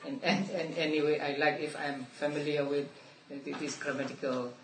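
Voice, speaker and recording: A man's voice: a little high, level tone. Male Buddhist teacher in a roomy class. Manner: halting, with many restarts and soft laughs. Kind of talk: explaining a text to a study class. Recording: roomy, distant mic, faint room noise.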